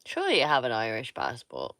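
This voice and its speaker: A woman's voice: rumbling low, huge pitch swings, a little fast, fairly bright tone, no room sound, studio quality. A woman from Somerset, chatting casually with viewers on a livestream, blunt and teasing and swearing freely. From Somerset, England. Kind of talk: casual live-stream chat with viewers.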